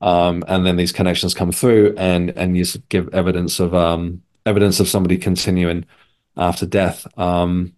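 A man's voice: deep voice, level tone, moderate pace, a little mellow. A man from England, a podcast guest, telling a personal story in a loose, rambling way with frequent restarts. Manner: rambling, self-correcting storyteller. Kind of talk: casual conversation.

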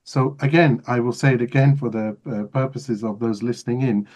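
A man's voice: medium pitch, steady tone, normal speed, few pauses, darkish tone, muffled recording. Man hosting with effusive rhetorical questions. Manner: effusive, rhetorical questions, repeats points for emphasis. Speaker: podcast host. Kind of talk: interview conversation.

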